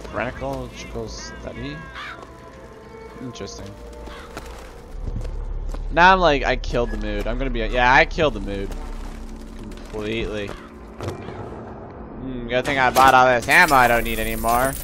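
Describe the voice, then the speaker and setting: A man's voice: medium pitch, a little slow, pauses often, over music. A young man ranting and rambling while commentating on his video game play. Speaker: let's play gamer. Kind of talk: casual gameplay commentary.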